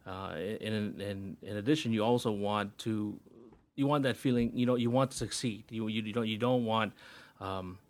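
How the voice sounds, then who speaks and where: A man with a fairly low voice answers interview questions as a pretrial officer. He talks haltingly, with frequent pauses and restarts. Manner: hesitant, many fillers and restarts.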